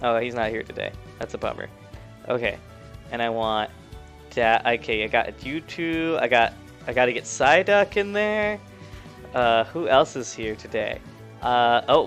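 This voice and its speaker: A man's voice: medium pitch, fairly bright tone. A man running a tabletop game as game master, narrating in a playful, chatty way.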